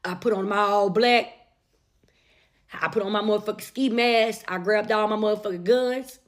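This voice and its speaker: A young woman telling a story in a profane, animated way, repeating lines for emphasis. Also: medium pitch, moderate pace. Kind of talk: casual storytime.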